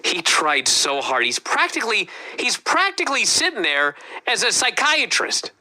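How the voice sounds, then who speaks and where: A man's voice: high voice, wildly swooping pitch, normal speed, sharp tone. A man co-hosting a wrestling review show, talking in a casual, profane, ranting way. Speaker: podcast co-host.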